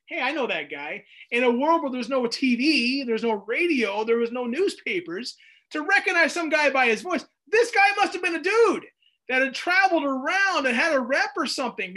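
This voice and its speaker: A man teaching a Bible study in a casual, animated way, reading scripture aloud and breaking in with jokey asides. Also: very high voice.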